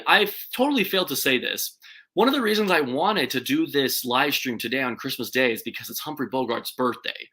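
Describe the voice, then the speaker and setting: Young man, bright clear tone, casual film review, rambling, self-correcting. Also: mid-range voice. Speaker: movie reviewer. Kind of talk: casual live stream movie ranking.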